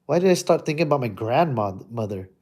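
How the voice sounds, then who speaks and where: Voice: mid-range voice, lively intonation, fairly quick, a little mellow. A streamer casually working through a puzzle game, reading the text aloud and rambling with goofy, crude wordplay jokes.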